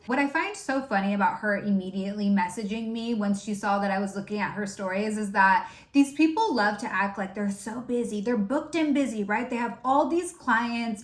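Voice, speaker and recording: Commentary host, woman, sarcastic and profane, higher voice, roomy echo. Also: fairly bright tone. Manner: mocking, profane, sharply sarcastic.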